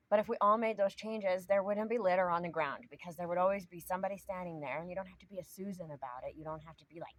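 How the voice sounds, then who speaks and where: A woman's voice: on the low side, quick pace, low-quality recording. A woman hosting an astrology talk outdoors, speaking casually and earnestly, rambling with many fillers. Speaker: astrology channel host. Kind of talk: casual spiritual talk to camera.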